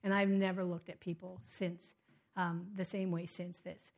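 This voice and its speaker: A woman tells personal stories from the front of a room, animated and full of little restarts and fillers. Her voice is warm and mellow, caught dry and close on a microphone. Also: on the low side, a little slow, no room sound. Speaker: speaker at a community ministry event. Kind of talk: personal storytelling talk.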